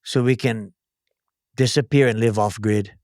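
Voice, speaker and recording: A man's voice: on the low side, steady tone, unhurried, darkish tone, dry recording, clean studio sound. A man in his forties from O'ahu with a Hawaiian Pidgin accent, a guest chatting bluntly and jokingly on a podcast with plenty of swearing. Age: 40s. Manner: profane, blunt, joking banter. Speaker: guest, chef and restaurant owner. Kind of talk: casual podcast conversation.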